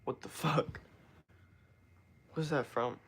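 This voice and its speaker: A man's voice: on the high side, fairly even intonation, takes it slowly, creaky, fairly bright tone, breathy edge. A young man talking loosely to his viewers on a livestream, rambling and swearing constantly as he chats. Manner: loose, rambling and heavily profane. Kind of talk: casual livestream chat to viewers.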